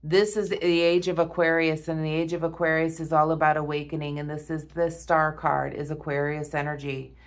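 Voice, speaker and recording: A woman giving a spiritual tarot reading to her viewers, awed and emotional, repeating herself and often breaking off with a soft "wow.". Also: low-pitched, level tone, normal speed, few pauses. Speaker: tarot reader.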